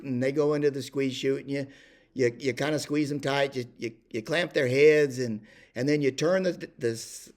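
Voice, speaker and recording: An older man telling a rambling ranch story, full of fillers and restarts. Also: medium pitch. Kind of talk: casual spoken storytelling.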